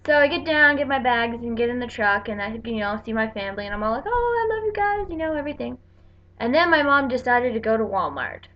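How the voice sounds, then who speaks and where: A woman's voice: on the high side, quick pace, few pauses. A young woman from the northeastern United States telling a chatty vlog story, acting out the people she quotes. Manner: chatty, animated quoting of people. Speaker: vlogger. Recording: dull lo-fi webcam audio.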